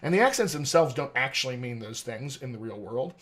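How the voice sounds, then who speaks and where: A man's voice: medium pitch, lively intonation, a little fast, fairly bright tone. An American man, an accent coach, explaining his teaching method methodically in an interview. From United States. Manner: articulate, methodical, lecturing.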